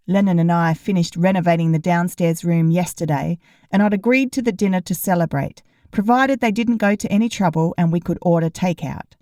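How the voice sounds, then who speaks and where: A woman reads a first-person novel in a wry, deadpan way. Her voice is soft and mellow, recorded close and dry with no room sound. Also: fairly low pitch, a little fast, no echo. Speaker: audiobook narrator. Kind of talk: first-person fiction narration.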